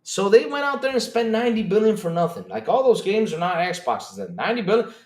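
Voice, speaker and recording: Excitable high-pitched man, animated and roomy. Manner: excitable, incredulous, laughing, rapid swings in loudness. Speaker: podcast host reading live chat. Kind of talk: animated live-stream chat.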